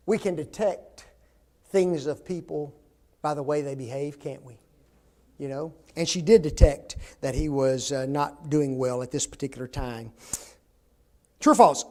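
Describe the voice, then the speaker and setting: Animated high-voiced man teaching. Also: unhurried, long pauses. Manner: animated, jokey, asks the class questions. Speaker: Bible class teacher. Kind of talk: Bible class teaching.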